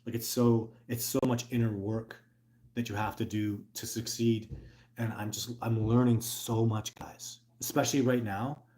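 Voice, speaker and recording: A man's voice: medium pitch, moderate pace. Rambling middle-aged man, earnest. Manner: enthusiastic, rambling, with many restarts and filler words; bursts into loud excited put-on exclamations. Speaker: host. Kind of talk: casual livestream talk.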